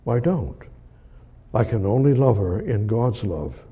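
A man preaching a sermon, emphatic and repetitive, swinging between loud declarations and soft near-whispers. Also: lowish voice, very animated, unhurried, husky.

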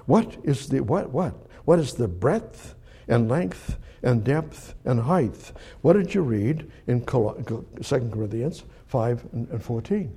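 A man's voice: mid-range voice, very animated, a little slow, mellow, husky. A man preaching a sermon in a church, reading Bible verses and asking God rhetorical questions. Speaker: pastor. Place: church service.

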